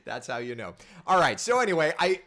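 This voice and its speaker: A man's voice: on the high side, moderate pace, gravelly. A man hosting a casual live morning weather chat, joking and telling stories. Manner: chatty, jokey, lively storytelling. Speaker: TV meteorologist host.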